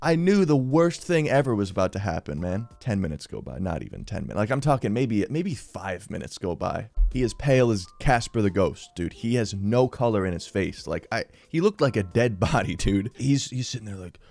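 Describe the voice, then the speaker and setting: A man's voice: lowish voice, fairly quick, gravelly, few pauses. A young man telling a funny story in a casual vlog, full of "dude" and "bro". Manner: slangy, lots of "dude" and "bro", animated retelling.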